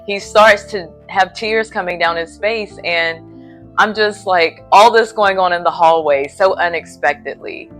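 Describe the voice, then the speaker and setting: A woman's voice: fairly low pitch, unhurried, fairly bright tone, faint music behind. A woman preacher telling a personal faith story in a casual vlog from a hotel room, earnest and a little sleepy. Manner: earnest, faith-filled retelling.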